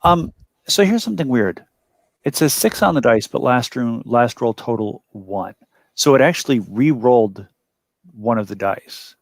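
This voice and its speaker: A man's voice: medium pitch, expressive, unhurried, dry recording. A man playing a character in a tabletop game, talking in a wry, playful way. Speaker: player.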